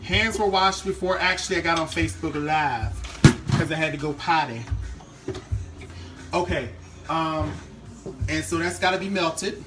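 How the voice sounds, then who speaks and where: A man's voice: on the high side, a little slow, pauses often. A man from Maryland's Eastern Shore with a hint of its accent, chatting casually with viewers while cooking in his home kitchen. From Eastern Shore of Maryland, USA. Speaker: host of a live cooking stream. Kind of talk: casual live-stream cooking chat.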